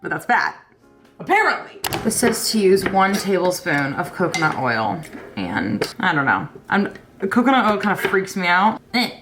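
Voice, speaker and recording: A woman's voice: on the low side, very animated, normal speed, over music. A young woman in her twenties chatting through a cooking vlog in her home kitchen, bubbly and self-deprecating. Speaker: lifestyle vlogger. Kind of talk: casual cooking vlog chat.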